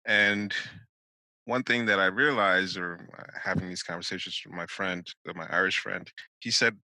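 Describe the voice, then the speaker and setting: A man's voice: sits low, fairly even intonation, moderate pace, pushed and bright, no echo, low-quality recording. A man co-hosting a podcast in casual discussion, talking bluntly and thinking aloud with restarts. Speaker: podcast co-host.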